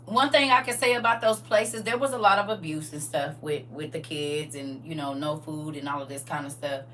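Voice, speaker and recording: A woman of about forty telling stories from her past in a casual, animated way, full of slang and laughter. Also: low voice, moderate pace, far from the mic, a little hiss or hum. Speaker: livestream co-host. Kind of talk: casual storytelling chat.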